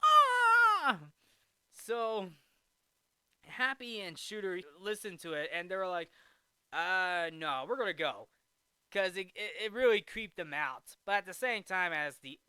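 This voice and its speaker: A man's voice: high-pitched, animated, moderate pace, bright, forceful tone, clear, resonant tone, dry recording. A man hosting a casual film recap, rambling with frequent restarts and fillers.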